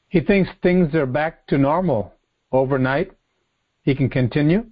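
A pastor with a mid-range voice, recorded with lo-fi sound, preaches a sermon of expository Bible teaching. He reads scripture aloud and explains it earnestly, slowing down and repeating phrases for emphasis.

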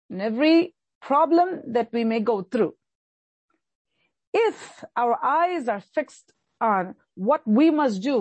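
A woman's voice: sits high, darkish tone, dry recording. A woman preacher delivering a fervent sermon, repeating key lines for emphasis.

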